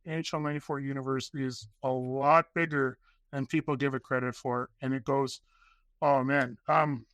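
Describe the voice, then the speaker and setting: A man guesting on a podcast, telling long excited stories in a rambling way and acting out the voices of people he quotes. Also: medium pitch, normal speed, no echo. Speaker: podcast guest, documentary filmmaker. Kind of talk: casual interview storytelling.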